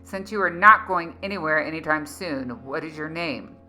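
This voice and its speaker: A sneering, cruel hooded villain from a storybook fantasy, as a woman reader puts him on. His voice comes out bright and tense, loud and mocking, with faint music underneath. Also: low voice, moderate pace. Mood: demanding. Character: sneering evil hooded man, vengeful and cruel.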